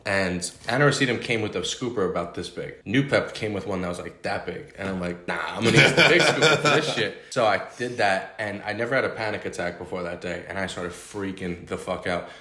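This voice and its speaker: A man's voice: low-pitched, a little fast, hardly any pauses, fairly bright tone. A young man with a New York accent, a comic telling a long profane story in casual podcast chat. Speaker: podcast host. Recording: echoey room.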